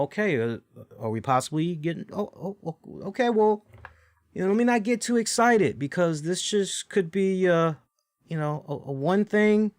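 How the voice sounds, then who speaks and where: A man's voice: fairly high pitch, no echo, studio quality. Rambling man reviewing wrestling. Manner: rambling, animated, lots of fillers and asides. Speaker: wrestling show host. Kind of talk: casual solo review.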